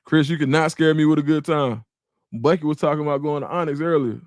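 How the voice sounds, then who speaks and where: A young man with a drawl chats with his viewers on a livestream and reads their comments aloud. His voice sits a little high for a man. The sound is close and dry, with no room echo. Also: quick pace. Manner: animated, talks to the chat, reads comments aloud. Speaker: livestream host. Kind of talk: casual livestream chat, reading comments.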